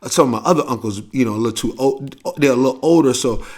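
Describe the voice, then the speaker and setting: A man's voice: mid-range voice, fast. A man with a St. hosting a podcast, telling a family story in a loose, profane, casual way and acting out the quoted voices. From St. Louis, USA. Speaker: podcast host.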